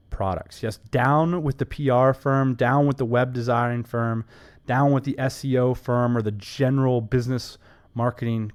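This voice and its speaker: Enthusiastic man co-hosting a business podcast. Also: medium pitch. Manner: enthusiastic, emphatic, quick asides. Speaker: podcast co-host. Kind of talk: casual business podcast chat.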